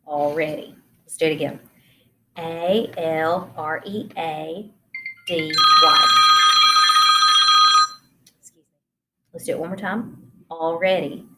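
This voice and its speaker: Lady teacher doing spelling for kids, slow and kinda low, says each letter one by one. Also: fairly bright tone, slight background noise. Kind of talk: spelling lesson for children.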